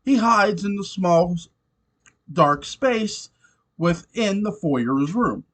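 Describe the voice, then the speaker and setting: A man casually reviewing a TV episode, animated and swearing often, laughing between points. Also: sits high, takes it slowly. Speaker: show reviewer.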